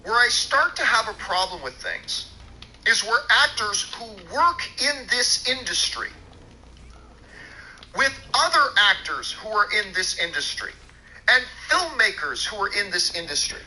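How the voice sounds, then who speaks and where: A man's voice: sits high, sing-song, a little slow, bright, forceful tone, slight background noise, rough recording. A man hosting a talk show, delivering an angry, profane and sarcastic rant, mocking as he goes. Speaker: show host. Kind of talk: angry ranting commentary.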